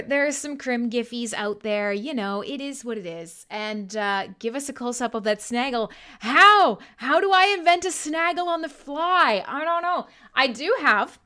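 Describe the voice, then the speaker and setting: A woman hosts a live-streamed show in loose, casual chat. She swears freely, jokes and laughs often. Her voice is bright, clear and crisp, pitched a little high. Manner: profane, joking and laughing often. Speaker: host.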